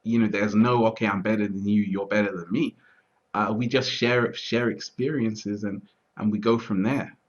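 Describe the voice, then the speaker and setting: A man talking through his thoughts in a relaxed, reflective conversation, often restarting and asking whether he is understood. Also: on the low side, moderate pace. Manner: repeats words, restarts often, asks "you see what I'm trying to say". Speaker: interview guest. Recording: dull lo-fi audio.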